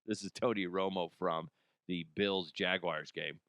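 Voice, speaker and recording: A man hosting comedic sports commentary, irreverent, profane and animated. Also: low voice, a little slow, noisy background. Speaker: host.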